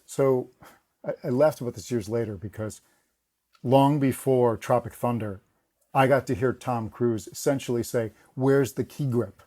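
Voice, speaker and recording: A man of ordinary pitch recounts stories as a podcast guest. He is lively and amused, breaking into laughs and circling back over his own words. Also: normal speed. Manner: animated anecdotes with frequent laughs and restarts. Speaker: guest, former film production assistant. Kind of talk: casual interview storytelling.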